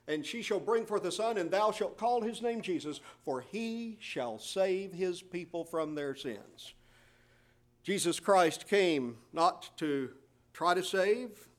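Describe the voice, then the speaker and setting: A middle-aged male pastor delivering a sermon with a slightly higher-than-usual voice. He preaches with strong emphasis, reading scripture aloud in old-fashioned wording between his own explanations.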